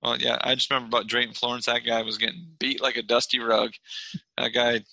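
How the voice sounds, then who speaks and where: A man hosting a casual sports podcast, steering the conversation and making blunt, joking put-downs. His voice is very bright and edgy with gravelly fry, recorded dry. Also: mid-range voice, level tone, quick pace, no room sound, poor audio. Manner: leads the segment, blunt jokey put-downs. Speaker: podcast host.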